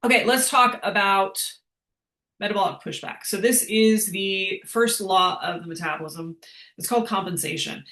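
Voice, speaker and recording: A woman fitness coach talks her class through a question in a chatty, upbeat way, laughing now and then as she explains. Her voice is bright and forward. The sound carries a roomy echo. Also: medium pitch, normal speed. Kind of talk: live online fitness class with Q&A.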